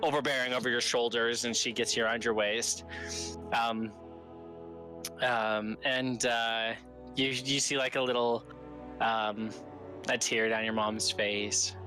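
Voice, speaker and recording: Bright-voiced male game master. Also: medium pitch, little pitch movement, a little slow, pauses often, soft background music. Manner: loose, rambling narration with many fillers. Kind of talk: narrating a tabletop game.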